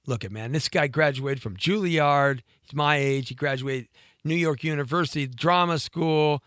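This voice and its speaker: A man's voice: fairly high pitch, a bit bright, no echo, studio quality. A man telling a long story on a talk show, rambling with many fillers and restarts and acting out the voices of the people in it. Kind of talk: animated storytelling.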